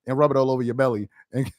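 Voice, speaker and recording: A man's voice: medium pitch, fast talker, no room sound, clean studio sound. A man doing casual live-stream sports commentary, laughing often and trash-talking.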